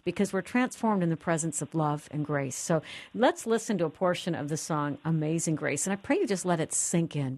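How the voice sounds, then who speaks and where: A woman's voice: on the low side, darkish tone, dry recording. A woman hosting a faith talk show, speaking in an earnest, prayerful manner. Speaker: host.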